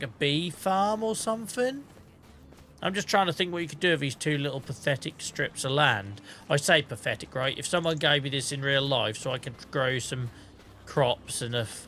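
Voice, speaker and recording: A man's voice: medium pitch, bright, forceful tone, slight background noise. A tired man with a headache, casually chatting to his live-stream viewers while playing, thinking aloud and swearing now and then. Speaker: game streamer.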